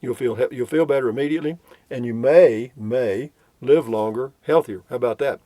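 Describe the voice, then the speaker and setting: Folksy older man, dry mellow voice. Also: mid-range voice, normal speed, no echo. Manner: folksy, rambling, chuckling often. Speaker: vlogger reading viewer comments. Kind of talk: casual chat. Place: in a vehicle on a road trip.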